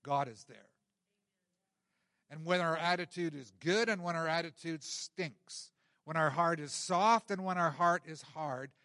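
A middle-aged male pastor preaching a sermon in an animated way, acting out scenes from scripture. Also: a little high, dry recording, studio quality.

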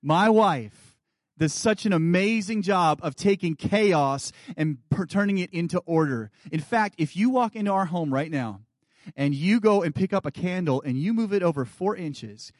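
Male guest preacher, 30s, earnest sermon delivery, a bit high in pitch, dry close-miked sound. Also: animated, moderate pace, no room sound. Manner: earnest preaching, dropping to soft quiet asides. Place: church sanctuary.

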